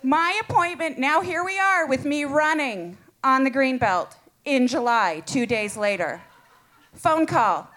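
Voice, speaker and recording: A woman telling a comic personal story live to an audience, animated and playful, laughing as she goes. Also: high voice, unhurried, slight background noise.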